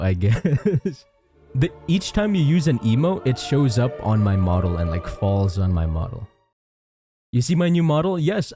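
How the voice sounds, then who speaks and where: Young guy vtuber chatting w his stream, mellow warm voice, dry close mic. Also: mid-range voice, no room sound. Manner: chatty, reads chat aloud, frequent restarts. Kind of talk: casual live-stream chat.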